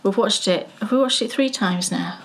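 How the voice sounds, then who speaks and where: A woman co-hosting a casual knitting chat, chatty and excitable. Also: mid-range voice, normal speed. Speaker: podcast co-host.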